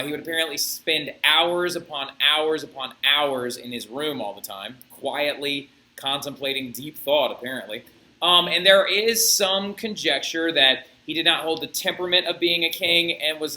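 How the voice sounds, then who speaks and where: Male teacher, animated storytelling lecture, very bright voice, echoey room. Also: fairly high pitch, normal speed. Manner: animated, storytelling, keeps checking with "right?". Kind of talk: classroom history lecture.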